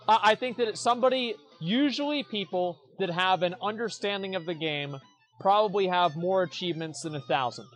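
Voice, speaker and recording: Blunt, mocking young man streamer. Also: high-pitched. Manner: repeats words as he restarts. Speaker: streamer reacting to forum posts. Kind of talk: casual commentary.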